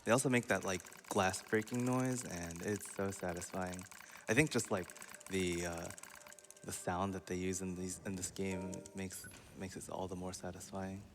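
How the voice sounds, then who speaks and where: A man's voice: deep voice, fairly even intonation, moderate pace, soft background music. A man casually commentating his own live speedrun, chatty and laughing often. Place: live marathon event stage.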